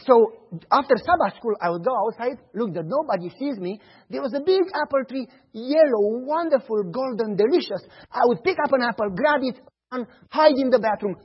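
A man preaching a sermon, telling stories in an animated way and acting out the dialogue. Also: extremely high pitch, normal speed, slightly rough, highs cut off. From Romania. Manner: animated storytelling, acts out dialogue.

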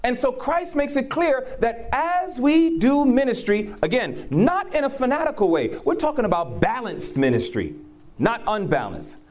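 An extremely high-pitched male voice at a moderate pace preaches and relates his own life stories as conversational testimony, acting out quotes with animation and laughing often. A little hiss or hum is audible.

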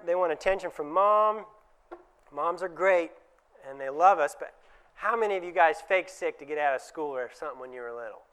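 A man's voice: fairly high pitch, fairly bright tone, smooth. A man giving a conversational presentation to fellow dentists, often acting out short dialogues in changed voices. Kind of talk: conference talk to dentists.

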